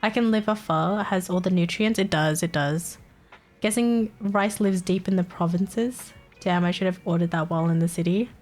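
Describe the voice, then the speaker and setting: A woman's voice: lowish voice, moderate pace, darkish tone, soft background music. A woman with an Australian accent, streaming and chatting casually, giggly and swearing freely. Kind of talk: casual livestream chat.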